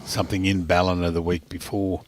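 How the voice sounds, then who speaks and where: Low-voiced Australian co-commentator, faint hiss. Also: male voice, level tone, brisk. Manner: chatty, teasing, laughs easily. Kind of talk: casual commentary banter.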